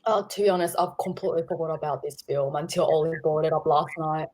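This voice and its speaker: A woman's voice: low-pitched, fast, a little mellow, rough recording. A woman filmmaker answering questions in a casual livestream Q&A, talking candidly and rambling with fillers. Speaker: filmmaker guest.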